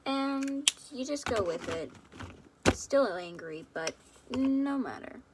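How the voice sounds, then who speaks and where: A woman's voice: high-pitched, lively intonation, takes it slowly, noisy background. Rambling young woman telling a fan story. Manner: rambling, chatty asides. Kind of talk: casual reading of a fan story.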